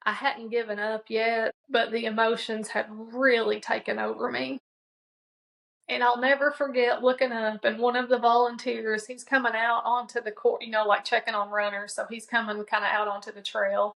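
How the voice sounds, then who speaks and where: Woman telling a story in a flat voice. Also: fairly high pitch, normal speed, gravelly, low-quality recording. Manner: conversational, many fillers and restarts; quotes herself and others in dialogue. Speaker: podcast guest. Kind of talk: personal storytelling.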